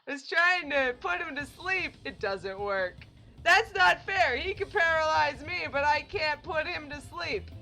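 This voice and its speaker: A woman's voice: high voice, animated, unhurried, creaky, bright, forceful tone. A woman giving casual let's-play commentary, exclaiming and laughing at the game as she plays. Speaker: gamer playing on a channel. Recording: faint game music behind.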